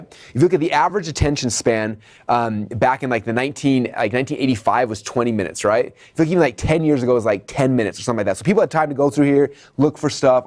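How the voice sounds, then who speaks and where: A man teaches marketing at a rapid clip, animated and playful. He slips into high put-on voices for shoppers and clerks. The sound is dry and close, with no room echo. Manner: animated, acts out customer dialogue in high voices. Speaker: marketing instructor. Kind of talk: whiteboard lecture.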